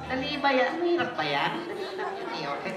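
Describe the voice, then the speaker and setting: Filipino lady magician at a kids party, high-ish voice, echoey hall, mic far off, music and crowd behind. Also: big pitch swings, fast talker. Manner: playful, teasing, coaxing children. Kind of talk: live kids' party magic show.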